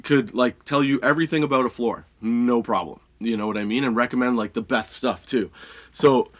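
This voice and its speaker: A man's voice: mid-range voice, moderate pace. A male podcast host telling a comic story, swearing freely and laughing between lines.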